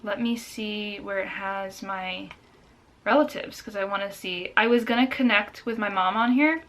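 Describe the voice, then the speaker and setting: A young woman vlogging casually, chatty and excitable, reading out results and reacting aloud. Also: medium pitch, moderate pace.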